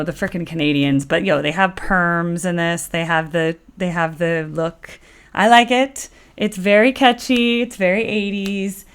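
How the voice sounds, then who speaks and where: A woman's voice: lowish voice, a bit bright, smooth. A woman hosting a music reaction video, chatting casually and rambling with many fillers and playful asides. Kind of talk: casual chat.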